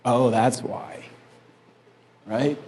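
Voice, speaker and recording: A man's voice: medium pitch, drawn-out words. A man preaching a sermon in a conversational, storytelling way, often checking in with the congregation and chuckling along the way. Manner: conversational storytelling, frequent "right?" asides; animated, chuckling at his own lines. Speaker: pastor.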